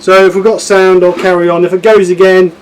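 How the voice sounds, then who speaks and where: A man with a high-pitched voice hosts a casual craft livestream. He chats with viewers in an easygoing, self-deprecating way and thinks out loud as he works through technical problems. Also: level tone, brisk, a little hiss or hum, rough recording. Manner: chatty, self-deprecating, troubleshooting aloud. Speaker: woodturning livestream host.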